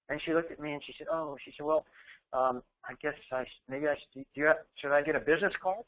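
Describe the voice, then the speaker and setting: A man's voice: on the high side, fast, poor audio. A man giving a motivational speech, telling a story and acting out its dialogue with emphasis. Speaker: keynote speaker.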